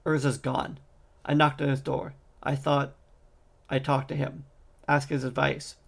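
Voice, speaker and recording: A man's voice: mid-range voice, little pitch movement, measured pace, vocal fry. A man voicing an anxious, apologetic young man in a fantasy audiobook, in his plain reading voice. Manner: plain reading voice, little change from narration.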